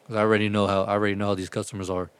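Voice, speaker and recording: Guy, low voice, dry close sound, swearing storyteller. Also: racing, clean tone, no room sound. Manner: profane, rambling, animated retelling. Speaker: delivery driver telling stories. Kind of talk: casual storytelling chat.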